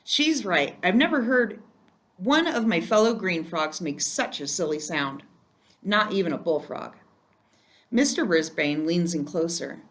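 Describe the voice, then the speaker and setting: A woman reading a first-person children's chapter book aloud in a gentle storytelling manner. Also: lowish voice, lively intonation, a little slow. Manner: gentle, storytelling, occasional slips. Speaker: reader.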